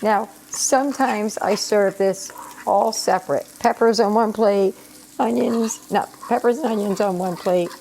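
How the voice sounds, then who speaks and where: A woman's voice: medium pitch, a little slow, warm tone. A middle-aged woman with a slightly scratchy voice from allergies, chatting her way through a home cooking video and explaining each step as she goes. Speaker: home cook and channel host. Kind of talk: casual cooking vlog. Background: sizzling pan in a home kitchen.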